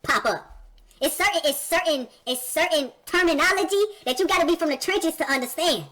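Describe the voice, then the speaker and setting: A woman's voice: sits high, fairly quick, fairly bright tone. A woman hosting a reaction video, talking emphatically in casual slang and asking rhetorical questions.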